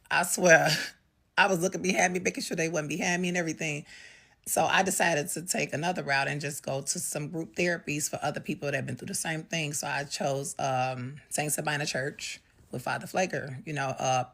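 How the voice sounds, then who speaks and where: A middle-aged woman telling a painful personal story in a raw, halting, conversational way. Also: low voice, steady tone, fairly bright tone.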